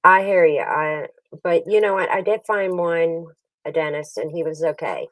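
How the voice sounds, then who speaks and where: A woman's voice: deep voice, moderate pace, no room sound, far from the mic, rough recording. A woman hosting a casual stream chat. She tells stories animatedly, laughs often and acts out what other people said. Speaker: livestream host.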